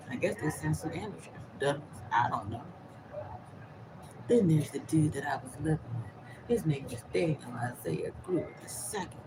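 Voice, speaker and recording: A woman talking straight to her viewers in a casual, emphatic vlog monologue, moving between loud, swearing outbursts and hushed, half-whispered asides. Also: on the low side, background noise. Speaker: vlogger, host of her own channel.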